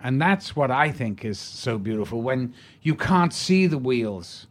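An older man, an actor being interviewed, telling stories in a rambling, halting way with many restarts. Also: medium pitch, expressive. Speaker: actor, guest. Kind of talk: anecdotal storytelling in an interview.

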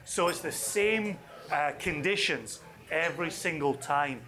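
A man leading a whisky tasting for a live audience, chatty and enthusiastic with quick asides. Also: fairly high pitch, bright, forceful tone.

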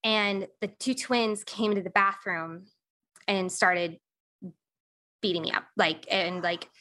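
Bright-voiced woman telling a personal story. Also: mid-range voice, fairly even intonation. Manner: candid, halting, many "like" fillers. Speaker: podcast guest, coach.

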